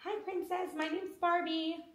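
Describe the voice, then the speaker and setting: A woman's voice: flat delivery, a little slow, echoey room. A woman voicing a cheerful, girly talking fashion doll in pretend play with her child at home, sweet and bubbly. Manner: sweet, bubbly, high and soft.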